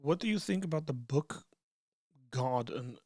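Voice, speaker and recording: A man's voice: on the high side, expressive, measured pace, mellow, dry recording, studio quality. A man hosting a casual livestream, reading out chat questions and answering them in a loose, conversational way with frequent restarts.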